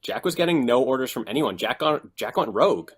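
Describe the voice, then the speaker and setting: Animated man co-hosting a chat podcast. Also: mid-range voice, brisk, husky. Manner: animated, exaggerated retelling with quoted lines. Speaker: podcast co-host. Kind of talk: casual chat.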